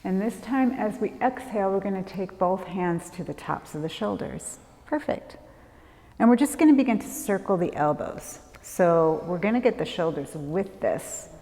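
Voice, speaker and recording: A woman leading a prenatal yoga class, giving calm, gentle movement and breath cues. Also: mid-range voice, moderate pace. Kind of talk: guided yoga class instruction. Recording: long hall reverb.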